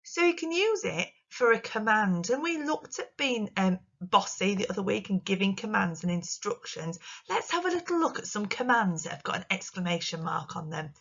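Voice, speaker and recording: A woman teaches young children in a recorded lesson. Her voice swoops up and down in an animated, sing-song teacher manner. The recording sounds muffled and lo-fi. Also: medium pitch, normal speed, creaky, few pauses. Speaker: primary school teacher.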